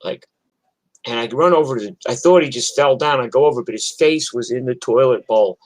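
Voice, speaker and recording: A man's voice: fairly quick, rough recording. Rambling, profane older storyteller man. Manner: rambling, profane, often trailing off into a low voice. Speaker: musician telling stories. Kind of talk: casual storytelling on a livestream.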